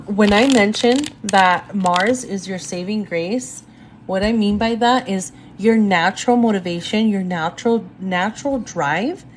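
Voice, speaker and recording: Young woman, astrology reader, chatty live stream, phone mic at home, faint background hiss. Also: mid-range voice. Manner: chatty, goes off on tangents, addresses viewers directly. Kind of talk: live-stream reading, casual chat.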